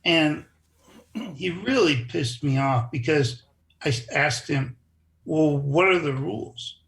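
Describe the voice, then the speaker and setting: Gravelly man telling a story. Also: fairly high pitch, takes it slowly. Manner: animated storyteller who acts out quoted voices. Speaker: interview guest, former wrestler. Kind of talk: casual storytelling interview.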